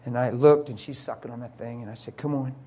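A middle-aged man preaching a sermon as a story, acting out the voices and swinging from soft whispers to high cries. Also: steady tone, fast, slightly rough.

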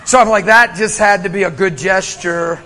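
A man preaching a sermon, telling a story with lively acted-out voices and frequent laughter. His voice sits high and bright, ringing out with long reverb in a church hall with faint ambience behind him. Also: normal speed, slight background noise. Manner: animated storytelling, acts out voices, laughs often. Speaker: pastor.

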